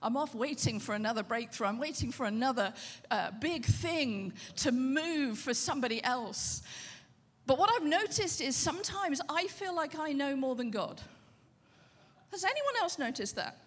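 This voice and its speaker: A woman pastor preaching a sermon in a conversational, animated way, often asking the audience questions. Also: high voice, normal speed, long reverb tail.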